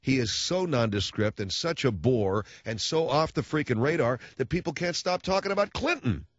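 A man's voice: medium pitch, expressive, moderate pace, dry recording, lo-fi sound. A man hosting a talk radio show, ranting about politics in a sarcastic, mocking way.

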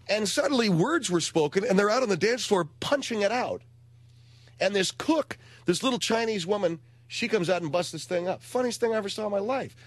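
A middle-aged American man hosting a talk radio show, telling stories in a wry, animated way. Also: high-pitched, no echo. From United States.

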